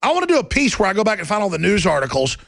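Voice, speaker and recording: A middle-aged male radio host in a sarcastic, mocking rant that keeps breaking into shouts. His gravelly voice sits high and swings widely up and down. The recording is dry and close. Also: wildly swooping pitch, racing, dry recording. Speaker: radio talk show host. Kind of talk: ranting talk radio monologue.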